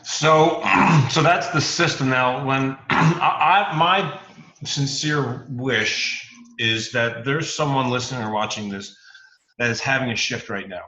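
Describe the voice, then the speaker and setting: A male podcast host with a bright, forceful voice who asks probing questions and plays devil's advocate. The recording sounds dull and lo-fi, and the room echo is clear. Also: mid-range voice, slow pace. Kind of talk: podcast interview.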